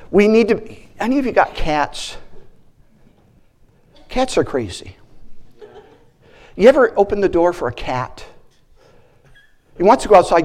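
A man preaching a sermon as a guest speaker, animated, breaking into shouted praises and acting out the voices in his stories. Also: sits high.

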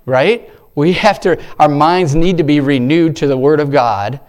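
Rambling, slightly high-voiced man preaching. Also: unhurried, darkish tone, smooth. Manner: rambling, self-interrupting, exclamatory. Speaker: lay church speaker. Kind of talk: informal devotional preaching.

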